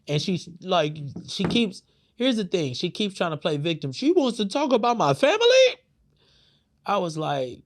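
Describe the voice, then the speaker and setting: A man's voice: high voice, very animated, moderate pace. A man hosting a podcast, giving heated, profane commentary with lots of fillers. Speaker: podcast host. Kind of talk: casual opinion commentary.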